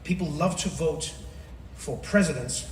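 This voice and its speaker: A man's voice: a little high, unhurried, slight background noise. Man doing stand-up in an echoey arena. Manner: animated, conversational, builds repetitive riffs. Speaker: stand-up comedian. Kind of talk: live stand-up comedy. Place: large arena stage. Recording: distant roomy arena audio with roaring crowd.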